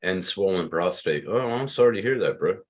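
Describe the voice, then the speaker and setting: A man's voice: low-pitched, animated, a little fast. A man in his fifties from Pennsylvania, hosting a loose livestream chat, rambling and swearing freely. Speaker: livestream host.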